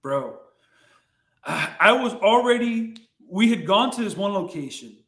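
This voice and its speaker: Man, podcast guest, high voice, excitable storyteller, swears a lot, echoey room. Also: measured pace. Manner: excitable, swears freely, repeats himself. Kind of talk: casual storytelling. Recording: roomy echo.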